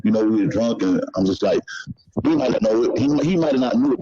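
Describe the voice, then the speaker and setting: A man's voice: mid-range voice, animated, fast talker, warm tone, slightly rough. A man telling stories in a casual, swearing, repetitive street-talk manner. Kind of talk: casual storytelling. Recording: dull lo-fi clip audio.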